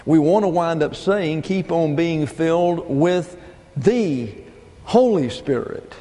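A man's voice: fairly high pitch, animated, slow pace, dark tone, big-room sound. A man preaching a methodical teaching sermon from a pulpit, working through numbered points and spelling out terms. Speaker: pastor. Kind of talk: expository Bible teaching sermon. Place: church pulpit.

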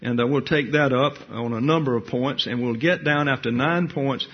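A man's voice: medium pitch, moderate pace, slightly rough. A man teaching a verse-by-verse Bible lecture, digressive, with wry asides and thinking aloud between points. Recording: dull lo-fi lecture recording.

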